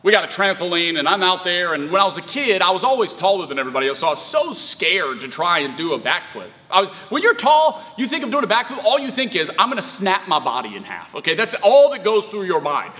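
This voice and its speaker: A man in his thirties, a pastor preaching a sermon, telling stories in an animated, conversational way with emphatic surges. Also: sits high, fast, few pauses, big-room sound. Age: 30s.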